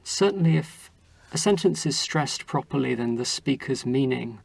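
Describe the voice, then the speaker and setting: Gravelly, husky man explaining patiently. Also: mid-range voice, moderate pace, dry recording. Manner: explanatory, steady and considered. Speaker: guest. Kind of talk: conversational interview.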